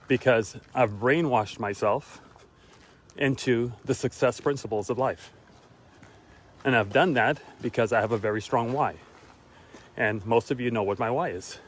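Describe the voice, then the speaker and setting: A man's voice: medium pitch, a little hiss or hum. Tired, winded man on a walk. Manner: repeats key lines for emphasis, with pauses. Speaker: motivational vlogger. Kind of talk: casual motivational talk while walking. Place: outdoors on a walk.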